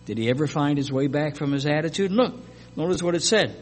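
A man's voice: mid-range voice, normal speed, long reverb tail. A man preaching a sermon, reading scripture and commenting with emphatic, conversational asides.

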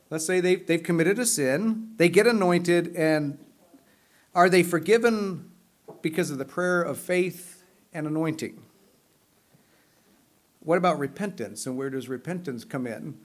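Pastor, male, slightly high voice; steady teaching sermon that slows for emphasis. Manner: measured teaching, slowing to stress scripture.

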